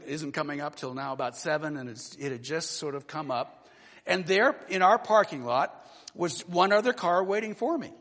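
A man in his sixties preaching a sermon, telling a personal story that moves between animated and low, quiet passages. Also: long reverb tail. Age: 60s. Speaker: pastor.

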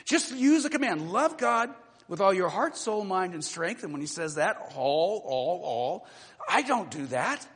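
Lively sixty-something pastor preaching. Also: male voice, a little slow, husky, long reverb tail. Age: 60s. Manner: storytelling, shifting from lively to low and quiet. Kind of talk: sermon.

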